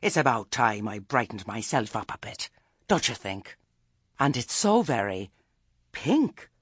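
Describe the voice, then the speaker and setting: A man's voice: mid-range voice, sing-song, a little slow, fairly bright tone, husky, no echo, clean studio sound, heavily acted. Granny Weatherwax, as a man puts her on, prim old witch. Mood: earnest. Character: stern elderly witch, suddenly oddly sweet.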